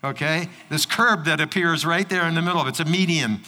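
High, bright-voiced preacher in a hall. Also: male voice, a little fast. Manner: storytelling, acting out voices in anecdotes. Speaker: pastor. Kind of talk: sermon.

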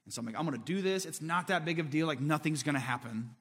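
A man's voice: fairly high pitch, expressive, very fast, fairly bright tone, breathy edge, big-room sound. A man from Indiana preaching a sermon as pastor, telling stories in a casual, conversational way. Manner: conversational, storytelling.

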